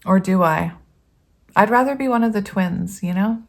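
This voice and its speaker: A woman's voice: medium pitch, normal speed, gravelly. A woman giving a casual tarot reading to her viewers, chatty and rambling, often laughing and reading card meanings aloud. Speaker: tarot reader.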